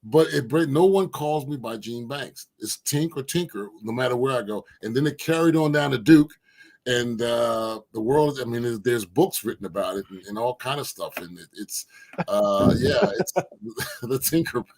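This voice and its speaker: A Philadelphia-born former basketball player appears as a guest in a casual storytelling interview, relaying stories with animation and acting out the quotes. His voice is mid-range and his pace moderate.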